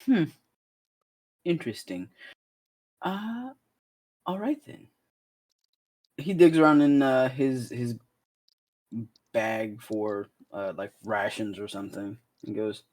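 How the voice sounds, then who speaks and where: A woman's voice: very deep voice, slow, long pauses, a little mellow. A woman playing a tabletop game, asking questions in character and laughing easily. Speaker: player. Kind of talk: tabletop role-play, casual.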